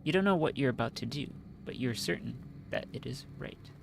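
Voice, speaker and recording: A man's voice: medium pitch, lively intonation, a little fast, vocal fry, background noise. A man streaming a story-driven game, reading its narration aloud and chatting casually between lines. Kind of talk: game playthrough, reading and commentary.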